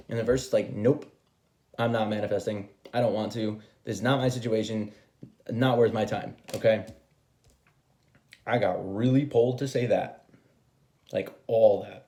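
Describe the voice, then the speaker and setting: A man's voice: medium pitch, moderate pace, pauses often, mellow. A man giving a casual tarot reading, chatty and rambling, swearing freely and laughing at himself. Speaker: tarot reader.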